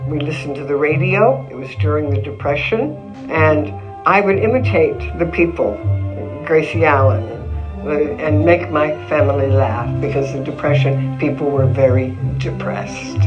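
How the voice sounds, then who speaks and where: An older woman in an interview, telling stories of her early acting career in a lively way, acting out what people said to her. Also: low voice, normal speed, muffled recording, over music. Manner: lively storytelling with acted-out quotes and laughs. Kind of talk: reminiscing interview.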